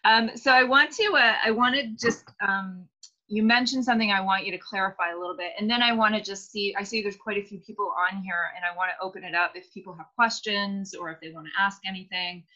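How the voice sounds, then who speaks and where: Woman, host, bright tone, hesitant, fillers, video call, muffled lo-fi audio. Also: medium pitch, fairly even intonation, quick pace. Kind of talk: casual interview.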